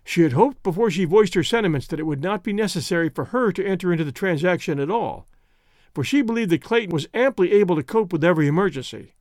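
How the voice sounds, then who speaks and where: A man narrating an audiobook in a steady, measured storytelling manner. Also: high voice, dry recording, studio quality.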